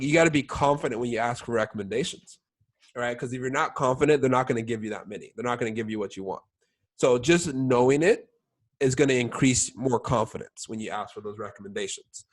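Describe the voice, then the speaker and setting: Casual young man coaching a sales team. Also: mid-range voice. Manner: filler-heavy, keeps checking in with "all right?". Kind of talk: casual training talk.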